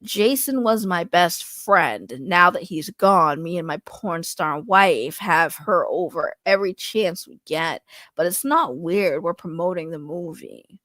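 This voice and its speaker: A woman's voice: a bit bright, no echo, clean studio sound. A woman doing a nasal, condescending filmmaker guy. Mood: stiff reading. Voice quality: nasal, congested. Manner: low, slow, trying to sound articulate. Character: condescending nasal male indie filmmaker, defensive. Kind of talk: parody impression.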